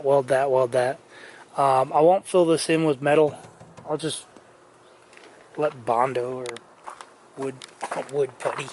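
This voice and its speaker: A middle-aged man with a slightly high voice rambles through a casual walkthrough of his truck restoration from inside the cab. His dry throat keeps him clearing it, and he uses many fillers and restarts, with a little hiss or hum in the recording.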